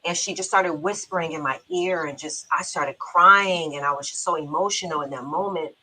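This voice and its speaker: A middle-aged woman hosting a talk show, telling a personal story in a chatty, quick-bursting way with laughs in her speech. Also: sits low, sharp tone, poor audio. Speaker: show host. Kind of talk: casual heartfelt talk-show chat.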